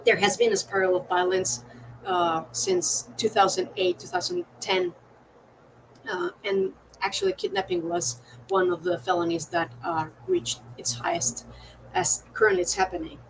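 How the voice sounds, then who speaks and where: A woman's voice: lowish voice, normal speed, gravelly, a little hiss or hum, low-quality recording. A woman moderating an academic lecture introduces the guest speaker hesitantly, with many fillers and tag questions.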